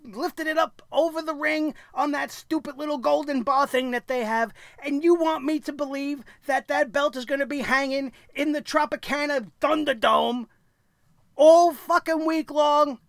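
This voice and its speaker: A man's voice: very high voice, steady tone, normal speed, gravelly, few pauses, a bit bright, no echo. Ranting sarcastic man on a dry mic. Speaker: wrestling show reviewer. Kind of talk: opinionated solo commentary.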